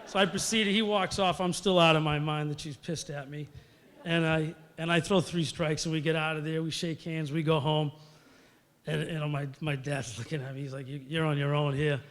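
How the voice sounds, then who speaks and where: A man's voice: on the high side, fairly even intonation, moderate pace, a bit bright, in a large hall. Middle-aged New man telling stories. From Massachusetts. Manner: storytelling, conversational with fillers, acting out quotes. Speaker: hall of fame inductee. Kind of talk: acceptance speech.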